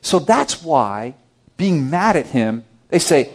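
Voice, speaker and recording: A male pastor delivers a sermon in a church with a somewhat high voice. He swings between ringing, emphatic declarations and quiet, low-spoken asides to the congregation. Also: sing-song, takes it slowly.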